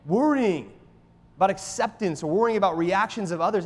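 A middle-aged male pastor preaching with lively emphasis, his voice sitting a little high for a man. The sound carries a long reverb from a large church hall, and he keeps tossing rhetorical questions to the room. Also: brisk. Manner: animated, emphatic, keeps asking "right?". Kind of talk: sermon.

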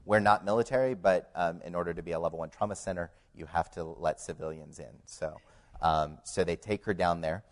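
Low-voiced man telling a faith testimony. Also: steady tone. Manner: halting storytelling with many fillers, quieting sharply in tense parts. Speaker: husband telling a family story.

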